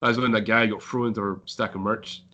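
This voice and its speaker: Scottish guy talking fast, kinda low voice, rambly band stories. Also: fairly even intonation, fairly bright tone, dull audio. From Scotland. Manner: rambling storyteller, swears freely. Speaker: band member guest. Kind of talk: casual chat.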